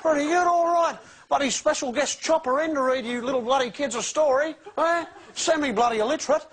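An actor playing a crude, swearing Australian ex-convict who reads a children's story in a jovial yet menacing way, ending lines with a taunting "eh?". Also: male voice, extremely high pitch, fairly quick, a bit bright. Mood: jovially menacing. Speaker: comedy sketch performer. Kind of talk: parody children's story reading. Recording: studio audience laughter and noise.

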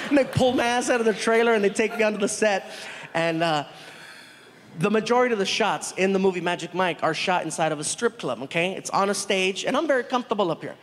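A male stand-up comedian telling an animated story on stage, acting out the people in it. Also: sits high, fast, a little hiss or hum. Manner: animated, laughing, acts out every character. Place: on stage in a large venue. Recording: stand-up special with hall reverb.

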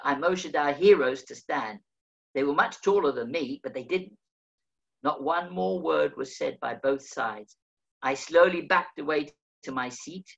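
Older male author reading his memoir, wry and measured, on a dull lo-fi recording. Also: on the high side, vocal fry. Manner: measured, wry first-person storytelling.

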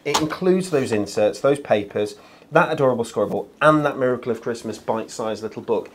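A man's voice: mid-range voice, fairly quick. A man hosting a live craft show in a chatty, casual way, reading out viewer comments, with faint noise behind him. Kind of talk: casual live shopping chat.

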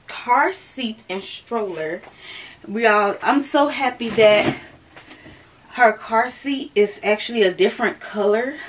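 Slow, breathless young woman. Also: on the high side. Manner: chatty, keeps calling the viewers y'all. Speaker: vlogger. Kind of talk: casual vlog chat to viewers. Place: at home.

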